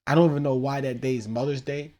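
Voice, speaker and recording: A man's voice: medium pitch, fairly even intonation, fast talker, a little mellow. A man in his thirties hosting his own podcast, rambling casually about his teenage son with loose, profane talk and laughing asides. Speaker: podcast host.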